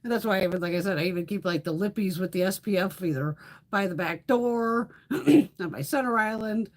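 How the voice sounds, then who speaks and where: A woman's voice: mid-range voice, fairly quick. A middle-aged woman hosting a beauty livestream, chatting casually with viewers, swearing freely and laughing often.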